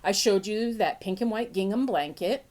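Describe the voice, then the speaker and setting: A woman hosting a podcast in a playful casual chat, laughing often, with a sniffly nose. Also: normal speed. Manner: playful, laughs often, big pitch jumps when excited. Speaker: podcast host.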